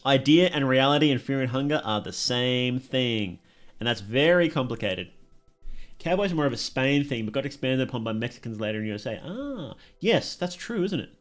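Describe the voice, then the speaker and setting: A man's voice: medium pitch, expressive, moderate pace, faint music behind. A young man with an Australian accent, chatting casually with his live stream chat and laughing often.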